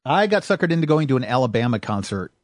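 A man's voice: mid-range voice, big pitch swings, fast, no echo. A man hosting a podcast in casual, upbeat, joking chat at a microphone. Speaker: podcast host. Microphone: studio microphone.

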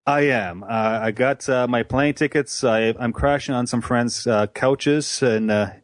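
A Canadian man chatting as a guest on a podcast, relaxed and hesitant with many fillers. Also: medium pitch, a little slow, dry recording. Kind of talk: casual podcast chat.

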